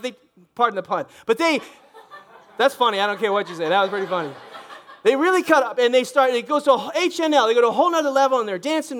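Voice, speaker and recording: A middle-aged man, a pastor, preaching a sermon in a church in an animated, conversational way, often restarting his sentences and speaking directly to the congregation. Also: very high voice.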